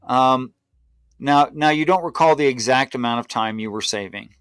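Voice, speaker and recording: A man's voice: medium pitch, moderate pace, a bit bright, clear, resonant tone, no echo. Probing man with a dry sound. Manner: probing, asks clarifying questions. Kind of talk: casual conversation. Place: live stream call.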